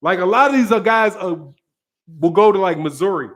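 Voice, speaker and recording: A Midwestern American man hosting a casual livestream, his speaking voice sitting high for a man. He talks in an animated, profane way and answers viewers' chat as he goes. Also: fairly quick. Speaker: host.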